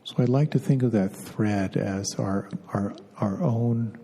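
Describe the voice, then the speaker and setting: A man giving a dharma talk as a meditation teacher, gentle and unhurried, pausing often and repeating words as he searches for them. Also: fairly low pitch, creaky. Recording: long hall reverb.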